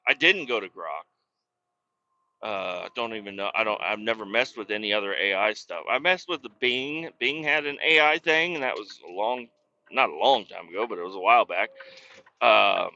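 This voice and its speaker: A man's voice: on the low side, moderate pace, sharp tone. A man hosting a podcast, telling a casual, profane, rambling story in a worked-up way. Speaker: podcast host. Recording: dull lo-fi recording.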